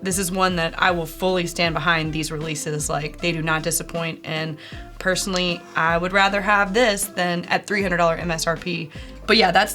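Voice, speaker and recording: A woman with a fairly low voice co-hosting a relaxed tasting chat. She talks thoughtfully, pausing to search for just the right descriptive words, with faint music underneath. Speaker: co-host.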